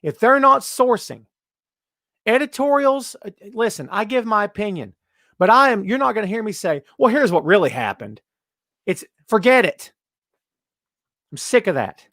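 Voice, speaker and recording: A man hosting a wrestling podcast, his voice sitting a little high for a man. He rants with emphatic repeats and short punchy lines, then slides into casual chat. The sound is dry and close to the mic. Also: lively intonation, normal speed, long pauses, sharp tone, dry recording. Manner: ranting, emphatic, repeats himself. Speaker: podcast host.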